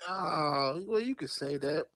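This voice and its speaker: A man's voice: on the high side, animated, slow pace, vocal fry, fairly bright tone, dry recording. Man with a Southern Alabama accent. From Birmingham, Alabama. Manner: playful, boastful banter. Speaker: guest co-host. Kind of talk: casual podcast chat.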